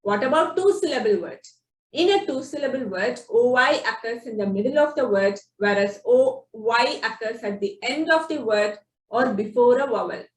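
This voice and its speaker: A woman teaching phonics, explaining spelling rules slowly and sounding out example words one by one. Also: on the high side, lively intonation. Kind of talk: slow instructional explanation. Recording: echoey room, distant from the mic.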